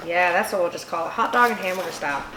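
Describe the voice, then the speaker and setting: A woman's voice: lowish voice, quick pace, noisy background. A tipsy woman hosting a casual cooking vlog, rambling and swearing freely as she chops. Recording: echoey room with music behind.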